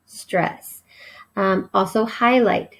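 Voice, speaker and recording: A woman teaching a recorded vocabulary lesson at a slow, patient pace. She spells each word out letter by letter before explaining it, and her voice has a gravelly edge. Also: mid-range voice, steady tone, low-quality recording.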